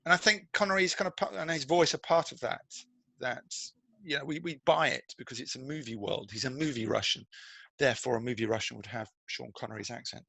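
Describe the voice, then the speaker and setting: Gravelly, husky-voiced film critic. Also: male voice, mid-range voice, a little fast, dry recording, poor audio. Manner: animated, digressive, many restarts. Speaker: film journalist and critic, guest. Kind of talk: podcast interview.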